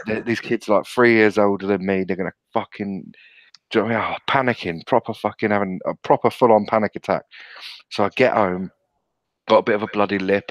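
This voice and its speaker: A man's voice: fairly low pitch, fairly bright tone, dry recording, poor audio. A British man, a podcast co-host, telling a sweary story in casual chat and laughing often. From England.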